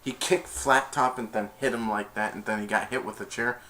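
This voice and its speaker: A man's voice: on the low side, steady tone, fairly quick, sharp tone. Rambling young man retelling a movie. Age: young adult. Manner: rambling, strings events with "and then". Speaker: movie reviewer.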